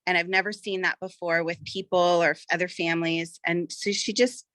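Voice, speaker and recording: Bright, earnest mother telling her story. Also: fairly low pitch, steady tone, moderate pace, dry recording. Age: adult, mother of schoolchildren. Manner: earnest, rambling with restarts. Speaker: farmer, coaching student. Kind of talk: casual personal testimonial.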